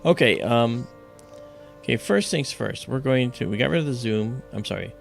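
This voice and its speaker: A man's voice: medium pitch, animated, moderate pace, gravelly, soft background music. A man hosting an astronomy livestream, explaining things step by step in a loose, casual way.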